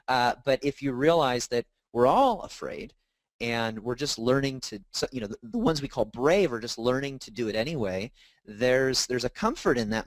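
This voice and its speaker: A man's voice: medium pitch, no room sound. A man in his thirties, an author and speaker, telling stories in a casual interview and acting out the dialogue he quotes. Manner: animated storytelling, acts out quoted dialogue.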